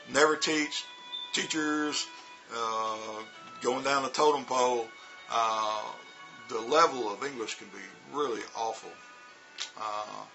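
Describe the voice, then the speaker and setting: A man's voice: mid-range voice, bright, forceful tone, low-quality recording. A middle-aged man vlogging in a casual monologue about teaching, rambling, repeating words and using lots of fillers. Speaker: vlogger and former teacher in China.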